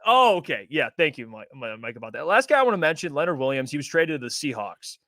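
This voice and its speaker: A man's voice: a little high, sing-song, fast, a bit bright, no room sound, studio quality. A man hosting a casual sports podcast, hesitant and self-correcting, laughing often. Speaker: podcast host.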